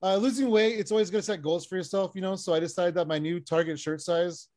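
A man performing a stand-up set over a video call, deadpan one-liners with frequent "uh" fillers. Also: high-pitched, fast. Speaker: stand-up comic.

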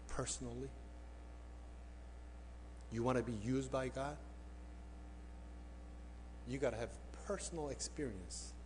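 A male pastor preaching a sermon. He tells a story and puts direct questions to his listeners, swinging between emphatic peaks and hushed appeals. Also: mid-range voice, a little hiss or hum.

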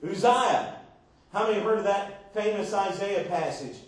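A man's voice: sits high, normal speed. A man preaching a sermon as pastor, emphatic, often asking the congregation rhetorical questions. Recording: far-off echoey church recording.

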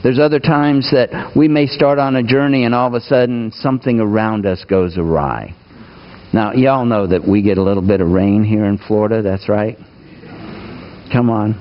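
A man's voice: fairly low pitch, moderate pace, dull audio. Folksy man preaching a sermon. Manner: folksy, engages the congregation with questions. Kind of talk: conversational sermon. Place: church.

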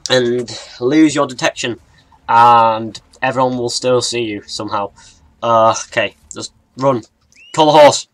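Young male gaming YouTuber, mixed English accent, rambling and excitable commentary. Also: medium pitch, unhurried, no room sound. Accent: mixed northern and southern English. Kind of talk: let's play commentary.

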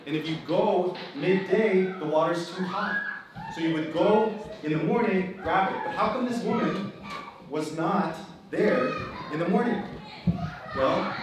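A man's voice: a little high, normal speed. A man from the Philippines, preaching to a live group as pastor and host. He is emphatic and keeps repeating his key phrases. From Philippines (Kapampangan). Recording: echoey room, distant mic, background noise.

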